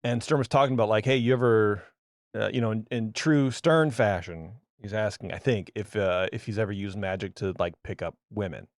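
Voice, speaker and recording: A man's voice: fairly low pitch, brisk, few pauses, no room sound, studio quality. Joking man co-hosting a podcast. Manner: joking, teasing, interrupts with asides. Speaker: podcast co-host. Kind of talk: casual podcast chat.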